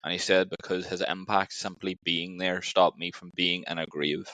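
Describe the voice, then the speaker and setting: A man's voice: low voice, level tone, normal speed, bright, forceful tone, no room sound, low-quality recording. A man hosting a conversational podcast, telling an anecdote casually with many fillers. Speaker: podcast host. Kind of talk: interview conversation.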